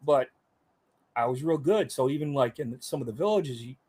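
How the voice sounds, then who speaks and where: A man's voice: medium pitch, animated, moderate pace, darkish tone, husky. Veteran guest, middle-aged man, chatty and rambling, plain everyday voice. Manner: rambling, many fillers, voices others in quotes. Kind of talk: casual storytelling in an interview.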